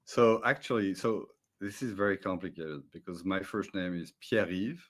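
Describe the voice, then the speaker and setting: A man's voice: low voice, moderate pace, a bit bright. A man with a French accent and French as his first language, a guest in an interview, earnestly explaining with small restarts, speaking over a video call. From France. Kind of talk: conversational interview.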